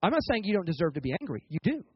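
High-voiced husky male pastor preaching. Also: very animated, no echo, highs cut off. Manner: conversational and colloquial, with quick repeated restarts; asks the congregation for responses. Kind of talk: sermon.

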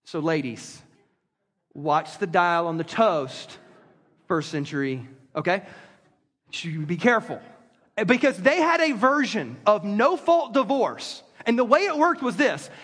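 A man preaching a sermon to a congregation in a lively, conversational way. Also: high-pitched, a little slow, husky. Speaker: pastor. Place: church sanctuary with congregation. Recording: long reverb of a large hall.

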